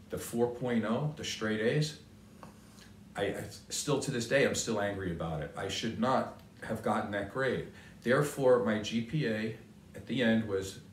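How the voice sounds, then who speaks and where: Brief: older male speaker, earnest motivational talk, mid pitch, roomy, mic at a distance. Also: slight background noise. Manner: earnest and conversational, repeats key phrases. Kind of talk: motivational talk with a personal story.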